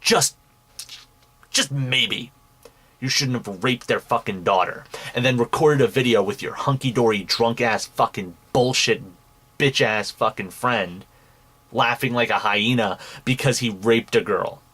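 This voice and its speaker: Heavy swearing and mocking scorn fill the angry rant of this young man hosting a commentary podcast. His medium-pitched voice has a fairly bright tone and a measured pace, and it sounds slightly rough.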